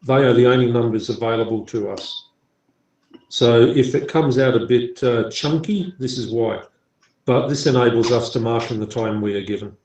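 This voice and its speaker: A man lecturing in an online class, measured and explanatory with some dry joking. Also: medium pitch, a little mellow, reverberant, poor audio. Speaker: university lecturer.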